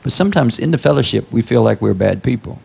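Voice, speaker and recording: Gravelly-voiced man preaching a sermon. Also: lively intonation, fast talker. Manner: conversational preaching with call-outs like "Huh?" and sudden high exclamations. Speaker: pastor.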